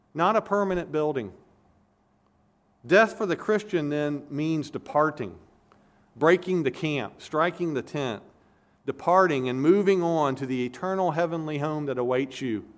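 A man preaching a sermon as pastor, explaining scripture earnestly, with emphatic repetitions and frequent restarts. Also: a little high.

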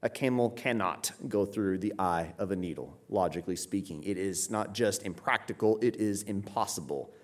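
A man's voice: deep voice, moderate pace, few pauses. A man preaching a teaching sermon from the United States, earnest and emphatic, often restarting his sentences. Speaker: pastor.

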